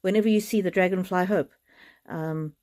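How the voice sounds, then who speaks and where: Mellow low-voiced woman reading cards. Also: steady tone, normal speed. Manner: gentle and reassuring, talks straight to viewers; emotional, close to tears. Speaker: oracle card reader. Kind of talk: live-streamed card reading.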